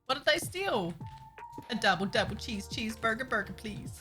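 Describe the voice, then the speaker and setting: A woman's voice: a little high, expressive, normal speed, music in the background. A woman, chatting casually with her stream audience while building, giggling and talking to herself. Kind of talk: casual chat while building a game map.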